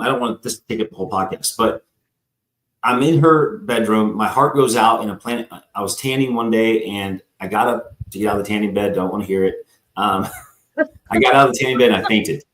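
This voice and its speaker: A man with a fairly low voice tells his personal story as a guest on a live talk show. He rambles, acts out the people in the story and keeps addressing the host. The recording has a roomy echo.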